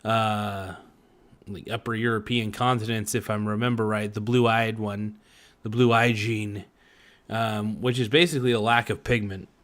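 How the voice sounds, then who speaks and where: A man's voice: lowish voice, fairly even intonation, measured pace, fairly bright tone. A man hosting a livestream podcast, chatting casually and profanely while he eats and reads out his live chat. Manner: rambling and profane, with many fillers.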